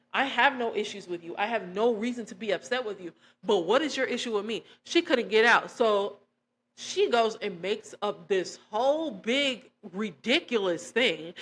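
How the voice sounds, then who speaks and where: A young woman, telling a personal testimony in a casual, animated way and acting out quoted dialogue. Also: medium pitch. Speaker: vlogger.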